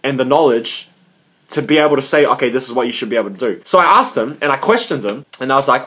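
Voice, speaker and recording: A young man giving casual advice in a vlog, animated and cursing freely, acting out his own reactions as he tells a story. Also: on the high side, quick pace. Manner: animated, swearing, acts out quoted reactions. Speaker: gaming coach and video creator.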